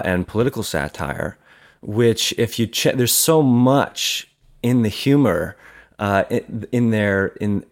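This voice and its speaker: A man with a very low voice talks through a film on a video call. He is thoughtful and analytical, and he often restarts his phrases as he builds a point. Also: a little mellow. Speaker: podcast panelist.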